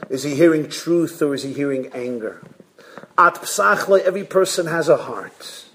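A man, a rabbi, giving a sermon in an animated storytelling way, acting out voices and jokes along the way. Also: fairly high pitch. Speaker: rabbi giving a Torah class.

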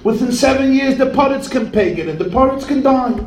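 Brief: man playing a cheerful, easygoing poor water carrier in a folk tale, high voice, echoey room. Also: animated, brisk, a little mellow, far from the mic. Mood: carefree.

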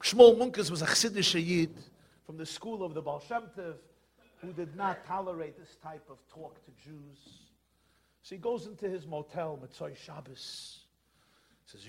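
A man teaching a Torah lecture full of stories and rhetorical questions, shouting now and then for emphasis. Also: a little high, moderate pace.

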